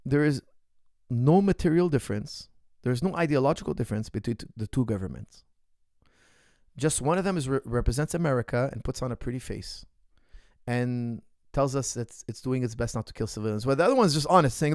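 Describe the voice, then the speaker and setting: A man's voice: medium pitch, lively intonation, brisk, darkish tone, dry recording, clean studio sound. A man, a martial arts coach, answering viewer questions in an impassioned, indignant monologue, repeating phrases for emphasis.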